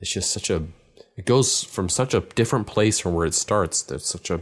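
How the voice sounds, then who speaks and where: Deep-voiced man hosting a podcast. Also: moderate pace. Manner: reactive, leads the segments. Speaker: podcast host. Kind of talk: casual chat.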